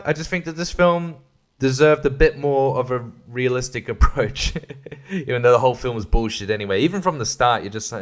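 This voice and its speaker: A man's voice: medium pitch, brisk. A man hosting a podcast, chatting casually about a film in a rambling, joking and profane way. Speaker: podcast host. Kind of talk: casual film-review chat.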